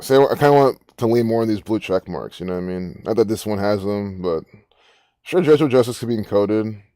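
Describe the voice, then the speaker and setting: A man with a low, dark, mellow voice talks through social media posts in a loose, rambling way, swearing and sounding incredulous. The sound is close and dry, with no room around it. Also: lively intonation, brisk, no room sound. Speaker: online commentator. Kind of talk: casual commentary reading social media posts.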